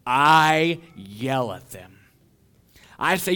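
A young adult man preaching a sermon as pastor, acting out little scenes and swinging between loud and soft. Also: a little high, expressive, a little slow.

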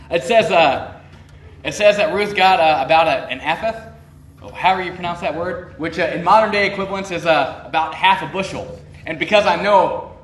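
A man's voice: sits high, a bit bright, distant mic, slight background noise. A man preaching a sermon in a conversational way, pressing his points with rising, emphatic questions and acting out the people he quotes. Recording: roomy echo, voice from off-mic.

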